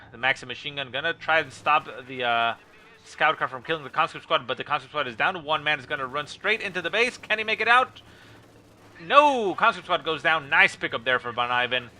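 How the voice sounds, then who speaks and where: A man casts a strategy game replay in running play-by-play, his voice sharp and very bright. He calls each skirmish as it happens, filling gaps with "uh" and leaping up in excitement when a unit falls. There is a faint hiss behind him. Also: mid-range voice. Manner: rapid play-by-play with frequent "uh" fillers, rising excitement at kills. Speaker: game caster.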